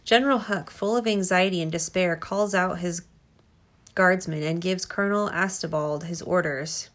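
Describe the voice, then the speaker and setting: A woman reading a storybook aloud to her child, gentle and expressive. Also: fairly low pitch, moderate pace.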